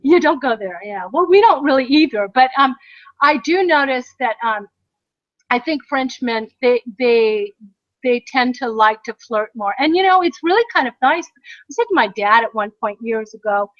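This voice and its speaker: A high-pitched middle-aged American woman tells a long story in a chatty way, laughing often. Her voice comes across dry and a little dull, like a lo-fi recording. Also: animated, moderate pace, dry recording. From United States. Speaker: podcast co-host. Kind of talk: casual chat.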